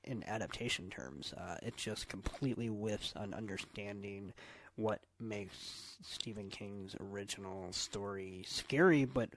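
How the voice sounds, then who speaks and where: Thoughtful low-voiced male film critic. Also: a little slow, no room sound. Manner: thoughtful, analytical, with many um fillers. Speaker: podcast co-host. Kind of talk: casual film review chat.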